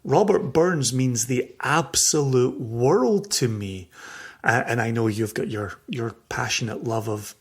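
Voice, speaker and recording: A man's voice: mid-range voice, vocal fry, breathy edge. A Scottish man co-hosting a podcast in casual chat, reflective and heartfelt, chuckling between thoughts. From Scotland. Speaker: podcast co-host.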